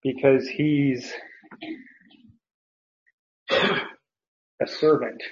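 A man's voice: medium pitch, level tone, drawn-out words, highs cut off. Chuckling man teaching bible verses. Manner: conversational, many fillers, chuckles often.

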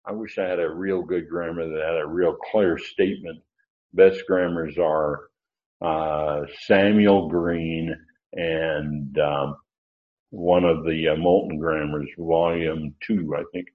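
A man's voice: rumbling low, steady tone, slow pace. A man teaching Bible grammar in a lecture, rambling with fillers and restarts, then pressing hard on his key points. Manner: digressive, with many fillers and restarts. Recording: dull, lo-fi sound.

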